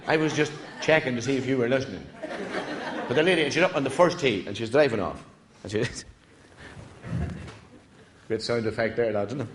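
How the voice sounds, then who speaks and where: An Irish man spins a long, wandering joke, laughing as he goes and losing his thread on purpose. His pitch bounces up and down with lots of life, and his pitch sits in the middle for a man. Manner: digressive, chuckling through his own stories. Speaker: comedian telling jokes. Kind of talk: rambling stand-up joke telling.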